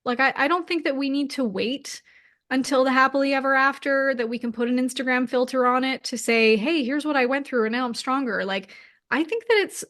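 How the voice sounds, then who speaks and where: She has a slightly high, somewhat bright voice. A woman in her thirties and an interview guest, she shares a personal story openly and emotionally, full of "like" fillers.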